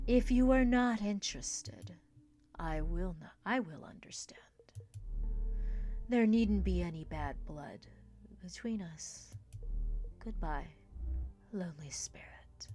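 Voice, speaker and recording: A woman voicing a sorrowful female vampire ghost who speaks formally in a slow, half-whispered hush. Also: fairly low pitch. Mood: courteous.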